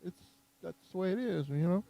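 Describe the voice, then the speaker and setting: A man's voice: sits high, lively intonation, normal speed, creaky, no room sound, lo-fi sound. A man hosting a podcast in casual chat, laid-back and teasing. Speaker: podcast host.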